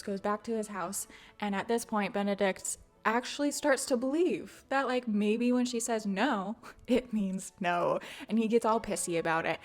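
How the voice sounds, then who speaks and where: A woman host giving a chatty, casual recap of a novel, sprinkling in fillers and laughs. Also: mid-range voice. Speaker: book channel host. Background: faint music.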